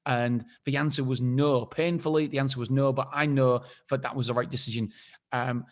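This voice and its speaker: A man's voice: medium pitch, fairly even intonation, moderate pace. A man hosting a casual solo podcast, rambling and self-deprecating, often repeating himself as he talks things through. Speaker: podcast host.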